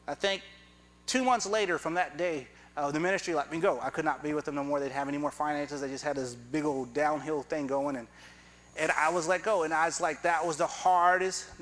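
A man's voice: fairly high pitch, fairly bright tone, long reverb tail, poor audio. A man preaching a sermon, telling a personal story with quoted dialogue and chuckling asides.

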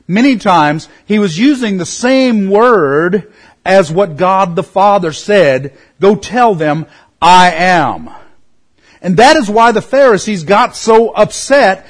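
High-voiced man teaching a Bible study. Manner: earnest, varies pace, slows to stress key words.

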